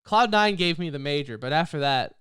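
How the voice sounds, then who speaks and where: A man co-hosting a casual esports podcast, talking in an animated, rambling way and laughing often. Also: fairly high pitch, a little fast, clean tone, dry recording, clean studio sound. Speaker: podcast co-host.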